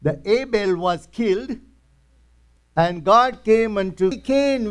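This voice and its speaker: A man leads a verse-by-verse Bible lesson in a clear, resonant voice. He speaks slowly and deliberately, pitched fairly high, and retells each verse in his own simple words. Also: expressive. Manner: retells scripture in first person, in simple plain English. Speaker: Bible teacher.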